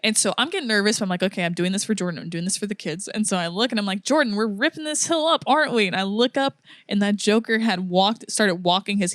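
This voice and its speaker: A woman's voice: fairly low pitch, dry recording, clean studio sound. A young woman co-hosting a podcast, telling a story casually and acting out what people said. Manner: animated storyteller, acts out quotes, laughs often. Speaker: podcast co-host.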